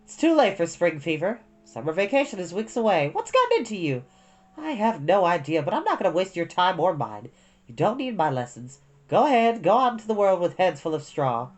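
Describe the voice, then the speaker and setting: A woman's voice: low voice, sing-song, normal speed, darkish tone. A woman voicing a stern, scolding schoolteacher who talks in a clipped way.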